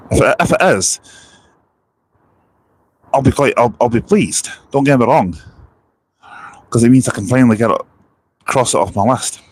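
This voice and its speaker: Outdoors by a bus station, a man with a sore throat chats casually on a phone livestream, rambling and reading viewer comments aloud. His husky, medium-pitched voice moves at a moderate pace with frequent pauses.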